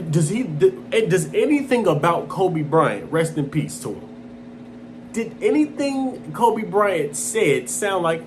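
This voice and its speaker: A man delivers a fired-up motivational monologue, his raised voice swinging widely in pitch as he hammers the same points again and again. He mocks lukewarm wishes in a flat, bored tone before bursting back into intensity. Faint noise sits under the recording. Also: slow pace. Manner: intense, emphatic, repeats points, mocking quotes in a flat low voice. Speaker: motivational speaker. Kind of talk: impassioned self-help monologue.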